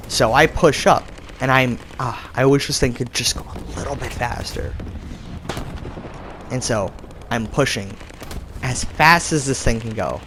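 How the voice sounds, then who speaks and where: A young man giving casual gameplay commentary, telling the match as an excitable story with sudden jumps in pitch. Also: measured pace, slight background noise. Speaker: gaming YouTuber.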